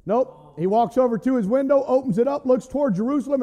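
A male pastor preaching a sermon in an animated way, often shouting. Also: extremely high pitch, fast, hardly any pauses, long reverb tail, soft background music.

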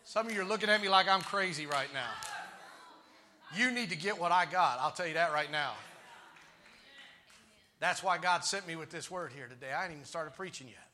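A man preaching with exuberant shouting and calling out to his congregation. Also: fairly high pitch, brisk, pauses often. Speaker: pastor. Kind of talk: sermon.

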